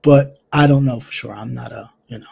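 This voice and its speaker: A casual live-stream commentator speaks straight to a viewer in a blunt, sassy manner. The voice is warm and mellow, with phrases repeated for emphasis. Sentences often trail off into quiet fillers. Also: mid-range voice, fairly quick, vocal fry, slightly rough. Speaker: livestream commentary host.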